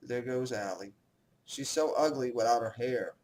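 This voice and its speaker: A man's voice: mid-range voice, moderate pace, darkish tone, rough recording. Rambling young man, casual commentary. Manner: rambling, self-deprecating, swears casually. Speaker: host.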